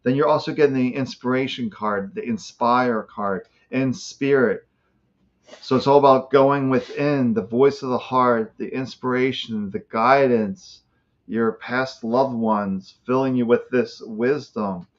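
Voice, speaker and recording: A man offers spiritual guidance to a viewer in a soothing, reassuring way. His voice sits at an ordinary middle pitch. The audio sounds a little dull and lo-fi. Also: unhurried. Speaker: psychic reader, co-host. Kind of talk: live-stream card reading. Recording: muffled lo-fi stream audio.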